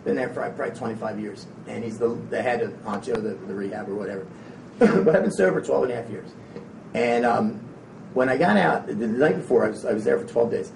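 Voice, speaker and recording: A man giving a rambling, energetic motivational talk to a live audience, frank and casual with some swearing. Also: medium pitch, fast, creaky, far from the mic. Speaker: motivational speaker. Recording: echoey room, speaker away from the mic, faint noise.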